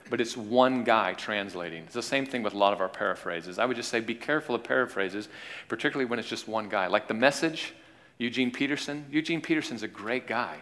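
A man teaching an informal class on Bible translation, talking in a halting way with frequent restarts and repeated words. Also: medium pitch, fairly bright tone. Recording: long hall reverb.

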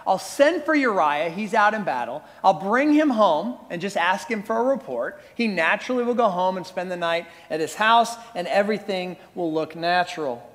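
A man voicing a scheming ancient king in hurried, conversational asides. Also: sits high, lively intonation, fairly bright tone. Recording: reverberant hall.

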